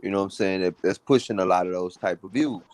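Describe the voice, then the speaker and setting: A man's voice: deep voice, fast talker, darkish tone, slight background noise. A man on a debate panel, earnestly building his argument and checking that others follow. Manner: earnest, builds argument, asks "you know what I'm saying". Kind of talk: casual debate chat.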